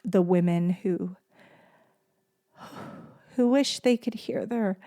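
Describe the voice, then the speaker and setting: A woman hosting a podcast, speaking in a gentle, soft-spoken and tender way and repeating phrases for emphasis in a heartfelt solo monologue. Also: medium pitch, slow, long pauses. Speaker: podcast host.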